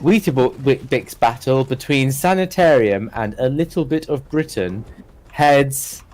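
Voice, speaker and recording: A man's voice: medium pitch, unhurried, a little mellow, rough recording. A man chatting casually on a live stream, giggling as he reads search results aloud. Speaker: streamer co-host.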